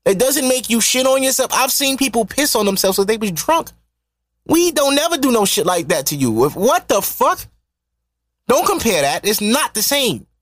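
A man hosting a podcast, ranting in a profane, mocking, animated way. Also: very high voice, normal speed, dry recording. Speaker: podcast host. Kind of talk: solo podcast rant.

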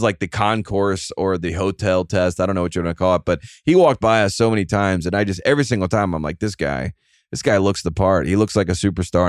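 A man's voice: low-pitched, clean tone, no echo, studio quality. A man hosting a casual sports podcast, rambling and self-mocking, with lots of fillers and restarts. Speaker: podcast host.

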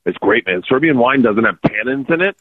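A man's voice: mid-range voice, fairly quick, husky, no room sound. Guy rambling thru funny stories, dry close sound, tinny like a phone call. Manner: rambling, animated storyteller who acts out quotes. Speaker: comedian guest. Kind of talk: casual storytelling chat.

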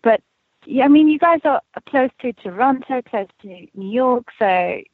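Chatty actress on a tinny phone line. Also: female voice, high-pitched, animated, moderate pace, no room sound. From South Africa. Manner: chatty, laughs often, restarts mid-sentence. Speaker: actress guest. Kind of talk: casual interview chat.

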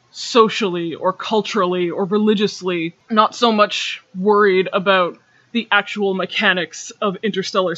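High, bright-voiced man chatting casually. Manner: chatty, filler-heavy, laughs as he talks. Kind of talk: casual explanatory chat. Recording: dull, dry lo-fi recording.

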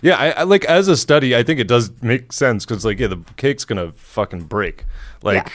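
Laughing, animated male podcast co-host. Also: mid-range voice, moderate pace, no echo, clean studio sound. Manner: animated, laughing, swears casually. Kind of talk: casual comedic chat.

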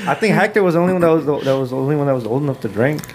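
A man's voice: on the high side, expressive, racing, darkish tone, slight background noise. A man in his twenties telling laid-back stories in a casual chat, mixing in Spanish and swearing freely. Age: 20s. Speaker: guest musician.

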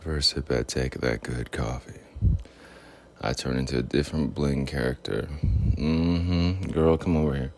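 A man putting on a smooth, deep-talking ladies' man persona, speaking in a low, hushed croon at home. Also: steady tone, a little hiss or hum, full character voice. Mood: flirty. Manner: slow seductive crooning. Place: home room with fridge and air purifier.

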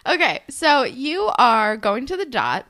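A woman's voice: sits high, big pitch swings, measured pace, pushed and bright. A young woman co-hosting a casual podcast, telling a made-up story in a rambling, jokey way full of "like". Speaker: podcast co-host.

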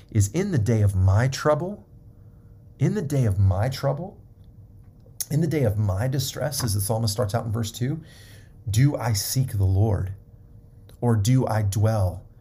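A man's voice: fairly low pitch, dark tone, slightly rough. A man preaching a sermon, emphatic and repetitive, often checking in with his listeners.

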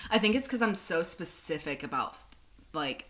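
Woman cohosting a chatty podcast, lowish voice but bright, says like a lot. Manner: chatty, lots of fillers, laughs easily. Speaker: podcast co-host. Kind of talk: casual chat. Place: in person with co-host.

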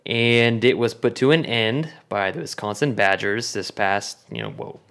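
A man's voice: lowish voice, normal speed. Jokey man hosting a sports podcast. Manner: jokey, lively, steers the talk. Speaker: podcast host. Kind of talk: casual sports podcast chat.

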